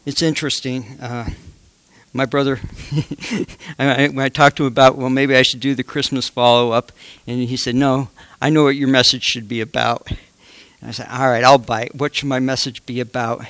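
A man's voice: medium pitch, flat delivery, normal speed, fairly bright tone, dry recording. Chatty man giving a sermon. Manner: chatty, joking asides, frequent fillers. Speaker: lay preacher. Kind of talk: conversational sermon with slides.

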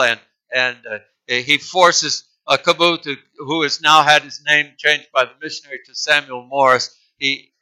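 Bright-voiced man preaching a story. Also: on the high side, rough recording. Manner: earnest, halting with repeated restarts. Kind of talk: sermon storytelling.

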